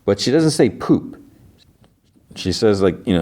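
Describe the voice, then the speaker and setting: A man hosting a podcast, casually retelling a cartoon episode with lots of fillers and quick quoted lines. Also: lowish voice, big pitch swings, dark tone. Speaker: podcast host recapping an episode. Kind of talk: casual recap.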